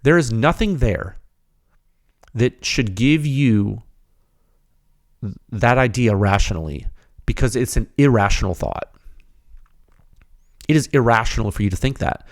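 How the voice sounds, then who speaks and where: Hyped-up guy on a podcast, mid pitch, super emphatic, dry studio mic. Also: unhurried, pauses often, no echo. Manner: emphatic and animated, says dude often. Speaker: podcast host. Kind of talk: excited technical podcast talk.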